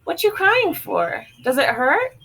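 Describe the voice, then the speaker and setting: A woman's voice: wildly swooping pitch, slow pace, gravelly, fairly bright tone, a little hiss or hum, exaggerated voice. A woman voicing a curious little girl who pleads and protests. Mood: pleading. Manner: high, eager pleading.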